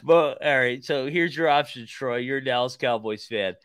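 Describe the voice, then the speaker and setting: A man's voice: medium pitch, moderate pace, a bit bright, clean tone, no room sound. A man hosting a casual sports talk podcast, swearing and laughing a lot. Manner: profane, laughing, rambling. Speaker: podcast host.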